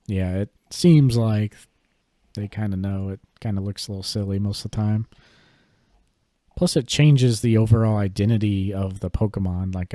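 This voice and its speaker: A man's voice: lowish voice, no room sound, studio quality. A man co-hosting a podcast, chatting casually and rambling a bit with lots of fillers. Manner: relaxed, rambling, many fillers and hedges. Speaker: podcast co-host. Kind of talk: casual chat about collectible cards.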